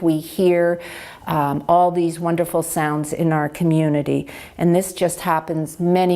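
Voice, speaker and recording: With a lowish, darkish voice, a woman working as a hearing care counselor talks on a lapel mic about health topics. Her explanations are clear and patient, grounded in practical examples.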